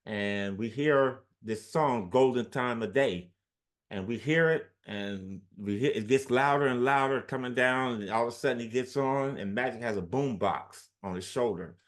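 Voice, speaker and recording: A man's voice: mid-range voice, moderate pace. A man in his sixties, a former athlete, telling stories in an interview and acting out the quotes of the people in them. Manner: animated storyteller, acts out quotes. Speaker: former basketball player, guest. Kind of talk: storytelling in an interview.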